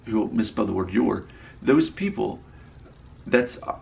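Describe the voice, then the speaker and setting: Gravelly low-voiced man vlogging. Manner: reads viewer comments aloud with dry rebuttals; talkative, repeats and restarts phrases. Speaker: YouTube creator. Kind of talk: casual vlog commentary.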